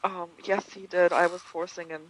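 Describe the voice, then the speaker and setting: A co-host in a casual podcast chat, giggly and quick with dramatic exclamations. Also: medium pitch, level tone, a bit bright, poor audio.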